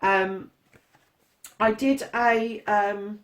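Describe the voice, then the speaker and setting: A woman's voice: mid-range voice, steady tone, extremely slow. A woman giving a casual spoken tarot reading, emphatic and repeating her key phrases, calling her listeners darlings. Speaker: tarot reader.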